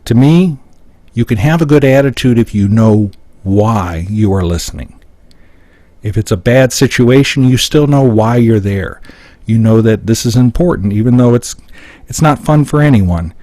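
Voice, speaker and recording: A man's voice: on the low side, moderate pace, dark tone, dry recording. A middle-aged American man giving a live seminar, explaining points on his slides step by step. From United States. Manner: explanatory, walks through points on a screen. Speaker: seminar speaker.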